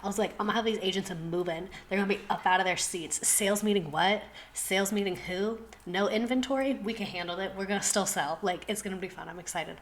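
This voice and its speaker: Fast-talking woman, gasping for air. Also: mid-range voice, slight background noise, poor audio. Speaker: streamer host. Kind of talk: casual live-stream chat. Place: home streaming setup.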